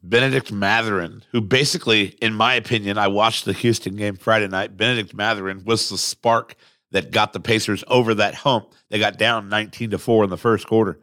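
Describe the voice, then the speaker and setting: A man hosting a sports podcast, talking casually in a rambling, excitable way with some swearing, recorded at a microphone. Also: fairly low pitch, fairly quick, no room sound, studio quality. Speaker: podcast host. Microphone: studio microphone.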